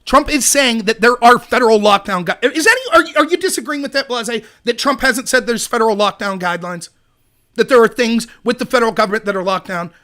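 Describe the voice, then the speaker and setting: A man's voice: very high-pitched, a little fast, sharp tone. A man hosting a political livestream, ranting heatedly and sarcastically while arguing with viewers in his chat. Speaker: show host.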